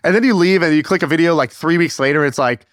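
A man hosting a podcast, telling stories in a lively, swearing, casual way with lots of fillers. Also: on the high side, fast, dry recording, studio quality. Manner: animated, profane storyteller with many fillers. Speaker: podcast host. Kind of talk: casual storytelling chat.

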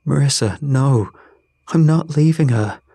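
An anxious, protective young woman, put on by a male narrator in an audio story. Her voice sits well above his own, a little husky, and dry with no room sound. She pleads and frets. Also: medium pitch, very slow, a little mellow, no echo, voice pushed up, exaggerated voice. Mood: frantic. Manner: pleading, distressed.

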